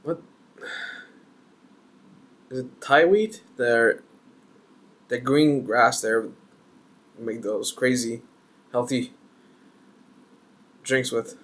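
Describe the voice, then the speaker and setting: A man talks through a beer tasting at a slow, easy pace. His voice sits in an ordinary middle pitch for a man. He rambles, jokes and searches for words as he goes. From Canada. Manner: rambling, joking, thinks aloud with fillers. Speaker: beer reviewer. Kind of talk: casual beer review.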